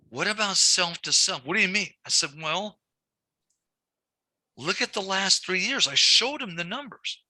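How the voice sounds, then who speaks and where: A man's voice: on the high side, lively intonation, moderate pace, bright, forceful tone, no room sound. A man teaching a lending class, repeating key points and telling stories from his banking days. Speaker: banking instructor. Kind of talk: classroom lecture.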